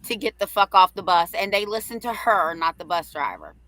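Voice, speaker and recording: A middle-aged woman co-hosting a live talk show, telling stories in a brash, profane, animated way and acting out the quotes. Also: lowish voice, brisk, crowd noise. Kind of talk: casual storytelling chat.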